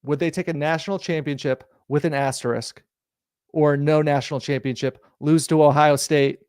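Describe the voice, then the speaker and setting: Insistent man hosting sports talk, higher voice. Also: fairly even intonation, moderate pace, darkish tone, clean tone, no room sound, clean studio sound. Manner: insistent, argues by building analogies. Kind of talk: casual sports talk debate.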